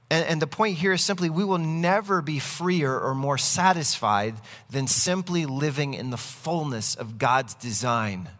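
A man's voice: mid-range voice, fairly bright tone. Earnest preacher man, echoey hall. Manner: earnest, conversational preaching with storytelling. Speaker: pastor. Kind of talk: sermon.

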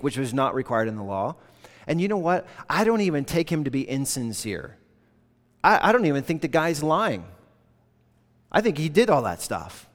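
A man preaching a sermon in an earnest, conversational way, slipping into animated quoted voices. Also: mid-range voice, normal speed. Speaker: pastor. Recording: long reverb of a large hall.

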